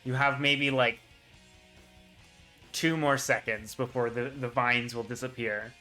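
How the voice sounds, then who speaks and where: A man's voice: medium pitch, fairly even intonation, a little slow, bright, forceful tone, soft background music. A man running a tabletop fantasy game as game master, narrating scenes casually with frequent fillers. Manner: casual, rambling with fillers, voices side characters briefly.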